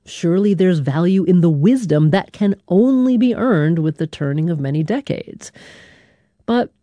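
A woman hosting a radio news show, reading a scripted narration in a measured, deliberate way with dramatic pauses. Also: on the low side, expressive, warm tone, no echo.

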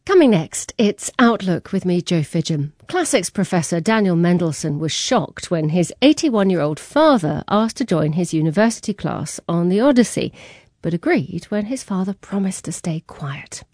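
A woman radio host reading scripted introductions in a crisp, polished way. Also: fairly low pitch, lively intonation, moderate pace, a little mellow, no echo, studio quality. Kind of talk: scripted programme trailer.

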